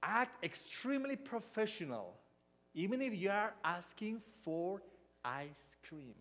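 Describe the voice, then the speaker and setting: A man's voice: high-pitched, a little slow. Hispanic-accented man preaching in a reverberant church. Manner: storytelling, animated with mock dialogue. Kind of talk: sermon. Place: church hall.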